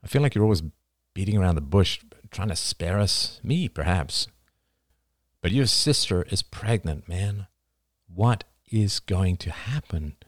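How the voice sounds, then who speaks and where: A gentle, worried young man speaks softly and pleads, as a male reader voices him. His voice is low and the sound is dry. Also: animated, measured pace, no echo. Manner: soft, pleading.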